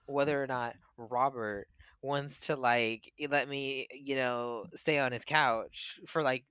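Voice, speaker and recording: A man's voice: medium pitch, steady tone, takes it slowly, pushed and bright, clear, resonant tone, no echo. A young man co-hosting a podcast in casual chat, rambling with lots of filler words. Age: young adult. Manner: rambling, full of "you know" fillers. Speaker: podcast co-host.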